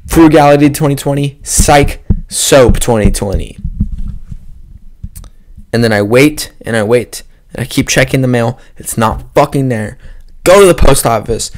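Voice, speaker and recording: A man's voice: medium pitch, measured pace. A young man hosting a solo podcast, rambling and joking with lots of profanity. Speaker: podcast host. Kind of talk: casual solo podcast rant. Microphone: podcast microphone.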